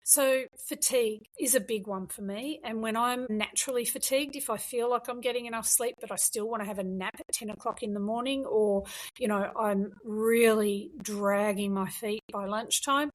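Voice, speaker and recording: A woman's voice: fairly high pitch, moderate pace, rough recording. A middle-aged woman guest telling her story in a frank, emphatic way during an interview. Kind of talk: conversational interview.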